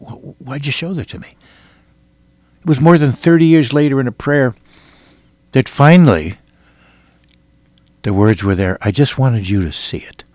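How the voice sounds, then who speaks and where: An older man from Iowa preaching a sermon, telling a personal testimony with earnest, dramatic swings between loud and hushed delivery. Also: on the low side, no room sound. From Iowa, United States.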